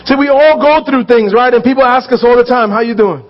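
A man preaching a sermon as pastor, earnest and conversational, often checking in with his listeners, repeating and restarting phrases as he builds to loud pleas. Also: very high voice, steady tone, a little fast, dull audio.

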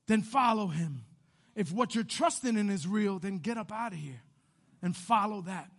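A man pastor preaching a sermon, swinging between loud animated bursts and hushed quiet passages. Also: high voice, normal speed.

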